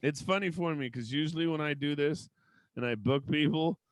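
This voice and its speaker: A man hosting an online comedy show, telling loud, brash stand-up stories full of swearing. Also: a little high, brisk, very noisy.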